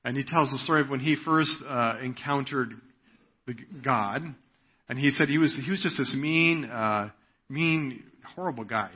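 A man's voice: medium pitch, normal speed, slightly rough. A man preaching a sermon in an earnest way, often checking in with "right?". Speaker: pastor. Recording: dull lo-fi audio.

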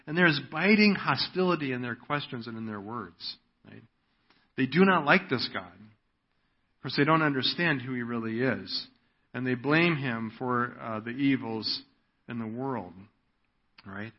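A man's voice: medium pitch, unhurried. A man preaching a sermon in an earnest way, often checking in with "right?". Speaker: pastor. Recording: dull lo-fi audio.

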